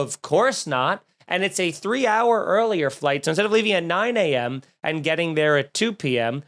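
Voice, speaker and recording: A man hosting a comedy podcast, telling stories in a snarky, rambling, animated way. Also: a little high. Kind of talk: casual comedic rant.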